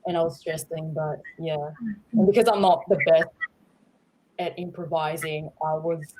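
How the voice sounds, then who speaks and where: A woman with a fairly low voice, talking about her short film in a relaxed livestream chat. She rambles candidly, with plenty of fillers along the way. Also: normal speed, poor audio. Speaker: filmmaker guest. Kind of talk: casual livestream Q&A.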